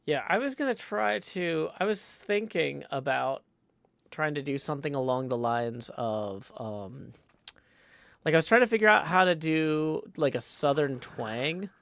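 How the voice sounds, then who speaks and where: Slow, gravelly-voiced male streamer. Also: fairly high pitch, expressive, fairly bright tone, no echo. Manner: hesitant and rambling, many ums and restarts, tries out playful howls. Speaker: livestreamer. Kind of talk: casual live-stream chat, reading viewer messages aloud.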